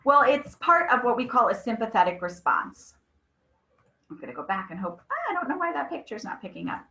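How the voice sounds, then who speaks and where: A woman's voice: fairly high pitch, brisk, creaky, roomy sound, poor audio. A woman in her thirties presenting a webinar on mental health, talking conversationally and telling stories with frequent asides to her audience. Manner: conversational, animated storytelling with frequent "right?".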